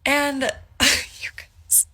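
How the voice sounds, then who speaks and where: A woman telling a dramatic story to camera in an animated, incredulous way with lots of "like". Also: drawn-out words. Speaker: social media storyteller.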